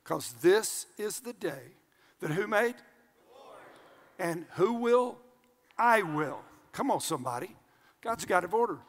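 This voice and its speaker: An older male pastor delivers a lively sermon in a high voice. He swings between loud shouts and hushed asides, and his voice rings out with the long reverb of a large church hall. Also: measured pace, pauses often.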